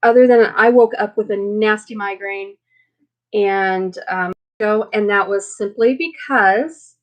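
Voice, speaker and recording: A woman hosting a casual live chat with viewers, chatty and rambling, with many fillers, tired and emotional after being sick. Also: medium pitch. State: recovering from illness, emotional. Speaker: livestream host.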